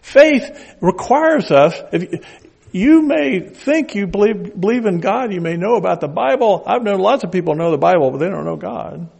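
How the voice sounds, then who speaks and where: A man's voice: sits high, lively intonation, normal speed, gravelly, darkish tone, breathy edge. An older man with a Southern accent preaching a conversational sermon with folksy asides.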